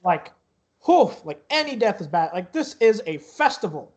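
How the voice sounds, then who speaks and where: A man's voice: high voice, big pitch swings, normal speed, voice pushed up. A man voicing an irritating, fussy half-elf male security guard detective in a tabletop game. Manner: fussy, nervous rambling.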